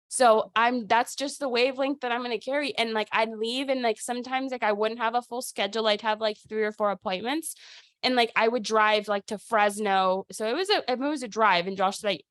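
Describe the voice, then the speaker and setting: A woman hosting a weekly sales team call, talking in an energetic, chatty way with lots of "like" and "dude". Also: a little high, normal speed, no echo. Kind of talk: casual motivational talk on a video call.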